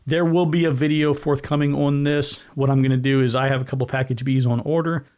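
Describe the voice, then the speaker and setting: A man hosting his own podcast, chatting on his own in a loose, rambling way. He often corrects himself mid-sentence and talks with his hands. His voice sits at an ordinary middle pitch. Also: fairly even intonation, brisk, darkish tone. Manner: rambling, self-correcting, conversational; gestures with hands while talking. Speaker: podcast host. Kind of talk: casual solo podcast talk.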